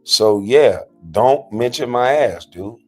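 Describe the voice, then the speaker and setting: A man rants and mocks in a husky voice, his pitch leaping wildly from line to line. He swings between loud jabs and muttered asides. Faint music plays underneath. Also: animated, slow pace. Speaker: host. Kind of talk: profane reaction rant.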